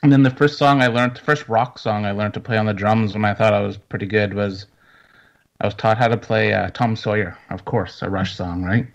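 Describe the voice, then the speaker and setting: Low male co-host, relaxed and halting, muffled recording. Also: creaky. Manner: relaxed, hesitant with fillers. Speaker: co-host, paranormal investigator. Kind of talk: casual chat. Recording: dull lo-fi audio.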